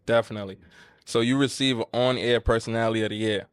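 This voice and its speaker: A man hosts a casual podcast interview in a laid-back way, heavy on slang and hesitant fillers. His voice is smooth and clear. The sound is close and dry. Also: mid-range voice, steady tone, fast, no room sound. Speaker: podcast host.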